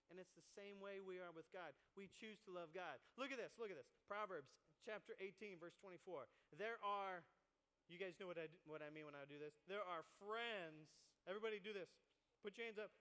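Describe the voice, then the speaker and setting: A man preaching a joking, animated youth sermon to a room of kids. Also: high-pitched. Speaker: youth pastor. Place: church youth service hall. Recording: long reverb of a large hall.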